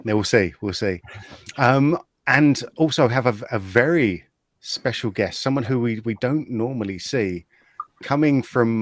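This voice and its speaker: A man's voice: medium pitch, expressive, measured pace, no room sound. A man hosting a casual livestream chat, talking with lots of fillers and restarts over a video call. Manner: chatty, hesitant, many fillers and restarts. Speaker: host.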